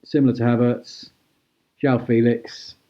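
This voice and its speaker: A man hosting a live-stream auction, chatty and brisk as he calls out prices and thanks bidders. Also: mid-range voice, level tone, dark tone, muffled recording. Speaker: host auctioning cards.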